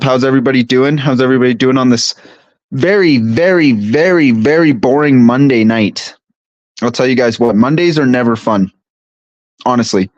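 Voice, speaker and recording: A man's voice: medium pitch, no echo. Young man, stuffy, casual stream chat, loose swearing, dry close room, muffled audio. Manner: casual, profane, reads chat aloud. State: stuffy from allergies. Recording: dry, slightly dull home recording.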